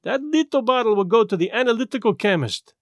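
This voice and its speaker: A man voicing a small, fussy, self-assured male detective who speaks gently and in a measured, lecturing way. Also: extremely high pitch, lively intonation, no room sound, clean studio sound, voice pushed up. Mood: placid.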